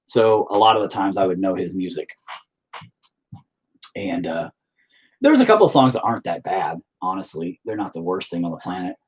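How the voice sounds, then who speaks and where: A man's voice: low voice, fairly quick, long pauses, husky. A middle-aged man telling rambling, profane stories in a laid-back way while painting. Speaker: painter and musician streaming. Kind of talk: casual storytelling while painting.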